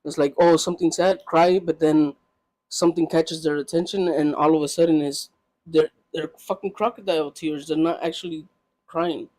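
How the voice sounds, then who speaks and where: A man's voice: fairly high pitch, steady tone, moderate pace, dark tone, dry recording. A man as a podcast guest, talking bluntly in casual chat and pushing back with questions.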